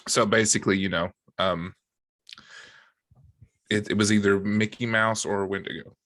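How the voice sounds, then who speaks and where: A man with a very low voice chats casually on a podcast, joking around and reading from notes with plenty of ums. The sound is dry and close. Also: moderate pace, dry recording. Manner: relaxed, joking, many fillers. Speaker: podcast co-host. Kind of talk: casual chat, reading from a wiki.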